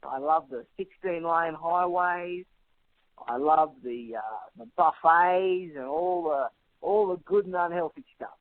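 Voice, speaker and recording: A man's voice: a little high, a little slow, no room sound. Confident Australian man on a phone line. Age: 30s. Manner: confident, rhetorical, speaks in punchy contrasts. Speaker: interview guest, author. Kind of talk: radio interview. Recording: tinny phone line, dry.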